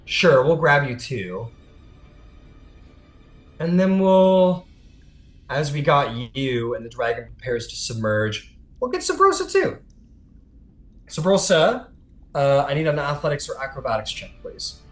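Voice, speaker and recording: A man's voice: medium pitch, unhurried, reverberant, soft background music, low-quality recording. A man running a tabletop game as game master, narrating loosely with lots of fillers and the odd swear.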